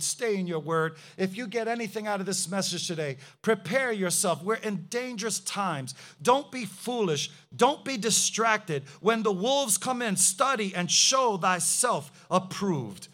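A man's voice: sits high, lively intonation, moderate pace, pushed and bright. A male pastor preaching a fervent sermon, firing rhetorical questions and hallelujahs.

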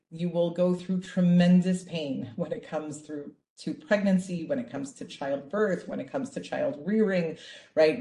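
A woman teaching an online Bible class, talking in a lively way and checking in with "right?" over and over. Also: deep voice. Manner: lively, asks "right?" often. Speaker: Torah teacher. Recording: echoey room.

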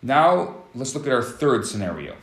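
Animated man teaching in an echoey room. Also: medium pitch, moderate pace. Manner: animated, explanatory, acts out scenarios. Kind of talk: relationship teaching talk.

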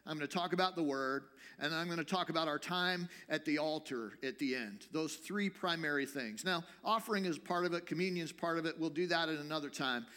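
In a church sanctuary, a male pastor with a somewhat high voice delivers a sermon in a lively, chatty style, teasing his congregation as he goes.

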